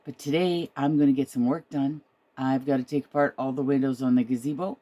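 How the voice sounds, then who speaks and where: A woman's voice: very deep voice, fairly even intonation, brisk, mellow. Older lady knitting vlogger, rambly and chatty, talks to her dog, phone cam in a little trailer. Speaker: knitting podcast host. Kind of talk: casual vlog chat. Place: inside a small trailer in the woods.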